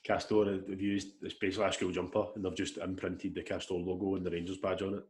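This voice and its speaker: Fast-talking blunt young Scottish man. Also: deep voice, flat delivery, a little mellow. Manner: fast, blunt, swears casually. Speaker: podcast co-host. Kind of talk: casual chat.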